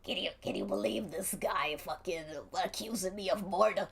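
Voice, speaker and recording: A woman's voice: lowish voice, sing-song, moderate pace, gravelly, slight background noise. A woman voicing a nervous, cursing adult male clown, stammering and defensive. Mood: indignant. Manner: flustered, defensive, swearing, stammering.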